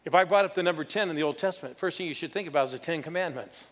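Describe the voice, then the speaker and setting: A man preaching a sermon in a church, energetic and calling on the congregation to answer him. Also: on the high side, racing. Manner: energetic, calls for crowd responses. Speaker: guest preacher. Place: church sanctuary. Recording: church hall reverb.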